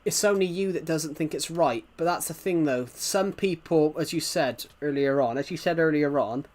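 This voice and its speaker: A man's voice: on the high side, moderate pace, darkish tone. A British man chats loosely while streaming a game, circling back and repeating himself as he talks. His mic sits a little away behind his laptop, so he sounds a touch distant. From Britain. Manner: rambling, repeats himself often. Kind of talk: casual gaming stream chat. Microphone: mic a bit away behind a laptop.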